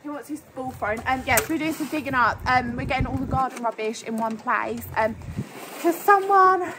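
A young woman with a high voice vlogs casually about her home renovation at a normal pace. She's chatty and fills her talk with lots of "um" and "like," and the home video is noisy.

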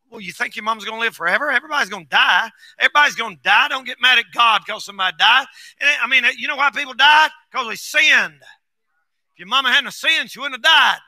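A man preaching a folksy sermon as pastor, switching between shouted bursts and quiet asides. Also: very high-pitched, fairly quick, no room sound.

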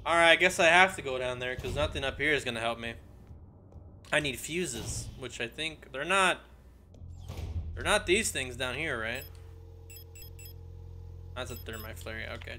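A let's play gamer in a room at home plays a horror game at his desk mic, commenting as he goes, joking, yelping when startled, and reading in-game notes aloud. His medium-pitched voice has a sharp tone and a moderate pace, with a little hiss or hum in the background.

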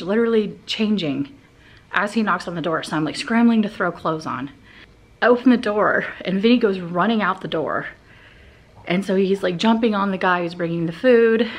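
A young woman vlogging casually, telling stories in a chatty way full of fillers. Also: medium pitch. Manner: chatty storytelling, many fillers like "like". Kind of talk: casual vlog chat. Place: hotel room and outdoor path.

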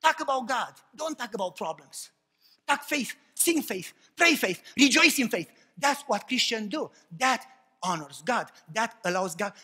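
A man preaching a passionate sermon, swinging between loud cries and hushed, low remarks. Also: husky, in a large hall. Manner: impassioned preaching, swings from shouts to hushed tones.

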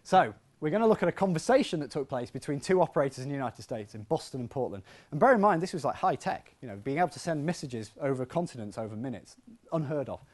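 In a hall, a man who teaches physics presents a public science lecture with a medium-pitched voice and a quick pace. The talk is lively and chatty, sprinkled with jokes at his own expense.

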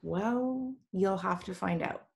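Her voice is medium-pitched and creaky, her pace slow, with a little hiss or hum behind it. She's a young reading tutor running a casual online class by video call, sounding cheerful, talkative and supportive.

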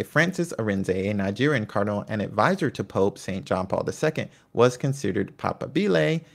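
A man's voice: on the low side, creaky. A man hosting a history video, reading from his notes and breaking off into chatty, enthusiastic comments, sometimes tripping over names. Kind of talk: reading notes with off-the-cuff asides.

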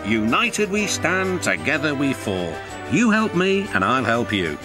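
A man's voice: on the high side, sing-song, normal speed. Gordon, a man doing a grand, proud big engine. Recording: music clearly behind.

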